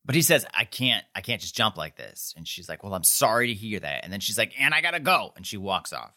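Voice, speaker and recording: Guy recapping a tv episode, lowish voice but bright and forward, lots of "like". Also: lively intonation, fairly quick. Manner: rambling, frequent "like", acts out quotes. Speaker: podcast co-host. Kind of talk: casual chat recapping a TV episode.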